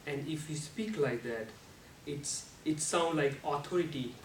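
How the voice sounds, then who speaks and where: A man delivers a prepared speech at a measured, unhurried pace, his fairly high voice picked up from across an echoey meeting room. His grammar is non-native, and he breaks off to demonstrate pitch and volume with sudden bursts. A faint hiss sits under the distant recording. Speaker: club speaker giving a speech. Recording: echoey room, speaker far from mic, faint noise.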